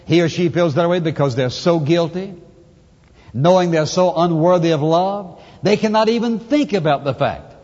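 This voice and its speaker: A man's voice: on the high side, moderate pace, a little mellow, in a large hall, lo-fi sound. A man preaching a sermon with emphatic rhetorical questions and repeated appeals to listen.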